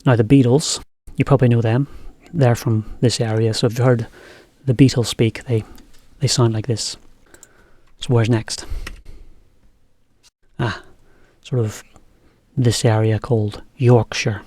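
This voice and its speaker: Relaxed male teacher, mellow and chatty, dry close recording. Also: medium pitch, a little slow, no echo. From England. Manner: relaxed, chatty, laughs often. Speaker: English teacher. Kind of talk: casual lesson commentary.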